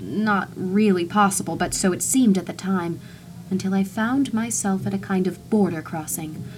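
A woman's voice: medium pitch, a little hiss or hum. Woman narrating a wry audiobook. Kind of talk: scripted first-person narration.

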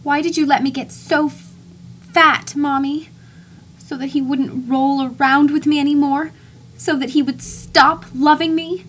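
A woman's voice: fairly high pitch, steady tone, unhurried, hardly any pauses, a little mellow, a little hiss or hum, voice pushed up, natural voice. A woman voicing a bitter ghostly mother who speaks coarsely and accusingly.

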